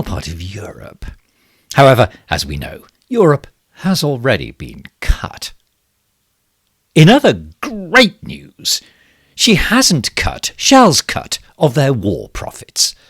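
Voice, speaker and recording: A pompous, bumbling minister full of smug self-regard in a comic monologue. His pitch swoops wildly from low murmurs to sudden high exclamations while he drawls at an unhurried pace. The sound is dry and close, with no room around it. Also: fairly bright tone, breathy edge, no echo, full character voice. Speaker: satirical character monologue. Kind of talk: comic monologue as a fake live stream.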